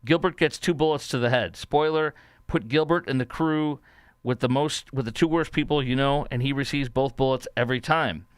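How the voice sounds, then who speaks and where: A man hosting a political talk show, giving opinionated commentary in a sarcastic, mocking way, halting often with fillers. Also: medium pitch, clear, resonant tone, dry recording, studio quality.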